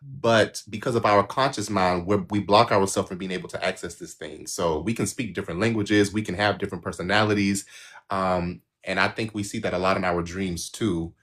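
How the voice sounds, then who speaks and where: A man's voice: low voice, a little fast, a bit bright. A man co-hosting a live spiritual reading stream, talking in an agreeable, reflective way that rambles with restarts. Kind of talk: casual live-stream chat.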